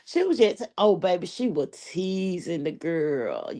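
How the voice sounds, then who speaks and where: A woman's voice: on the low side, animated, a little slow, few pauses, warm tone. A woman hosting a live stream, telling a story in a sassy, profane, laughing way. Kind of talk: casual live-stream commentary.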